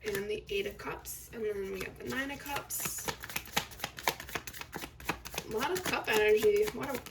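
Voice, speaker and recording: A woman's voice: on the high side, steady tone, moderate pace, gravelly, long pauses. A woman giving a casual tarot reading to her viewers, chatty and reassuring, often checking in with "okay?". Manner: chatty, reassuring, filler words, addresses viewers directly. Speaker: tarot reader. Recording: slightly distant mic with faint noise.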